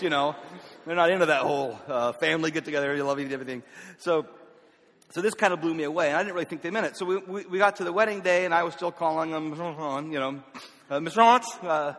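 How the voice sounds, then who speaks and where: A man's voice: fairly high pitch, a bit bright, in a large hall. A man from North Carolina with a Southern accent, telling personal stories in a folksy, self-deprecating way. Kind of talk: personal storytelling.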